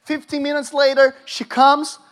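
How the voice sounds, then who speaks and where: A man's voice: very high-pitched, flat delivery, normal speed, fairly bright tone. A man preaching a sermon, telling a testimony with acted-out dialogue and asking the audience questions. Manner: storytelling, acts out dialogue, engages the audience.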